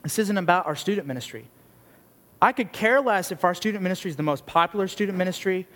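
A man's voice: high voice, animated, fast talker, fairly bright tone. A man preaching as a youth pastor, blunt, earnest and conversational, peppered with casual "like"s. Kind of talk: sermon. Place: church youth gathering hall. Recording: long hall reverb.

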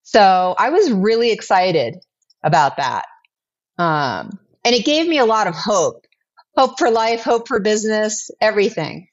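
A woman in her forties, a business owner and guest, telling her story in a chatty, animated way and acting out quotes. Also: mid-range voice, a little slow, lo-fi sound. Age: 40s. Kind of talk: casual storytelling interview.

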